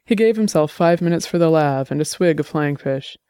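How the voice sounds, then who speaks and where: A man narrating an audiobook in a measured, even storytelling manner. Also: a little high, smooth, no room sound, studio quality. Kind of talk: scripted narration.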